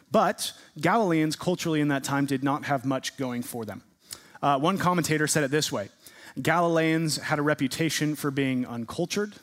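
Impassioned preacher, booming then hushed. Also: male voice. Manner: dramatic swings between booming emphasis and hushed delivery; drawn-out, deliberate phrasing on key words. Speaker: pastor. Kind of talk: sermon.

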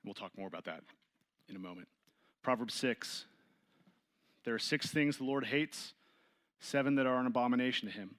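A man teaching a Bible study, reading scripture aloud and explaining it to a group with questions, getting louder and higher when he stresses a point. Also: normal speed, pauses often. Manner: rises in pitch and volume when stressing points.

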